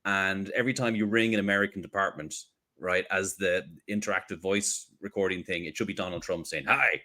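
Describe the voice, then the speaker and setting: A man co-hosting a podcast in casual chat, animated and joking, who laughs often. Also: low-pitched, a little fast. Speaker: podcast co-host.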